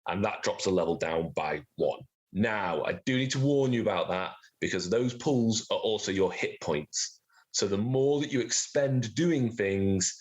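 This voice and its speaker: A man acting as game master, explaining the rules of a tabletop game in a relaxed, chatty way. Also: on the low side. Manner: relaxed, explanatory, chuckles at own jokes.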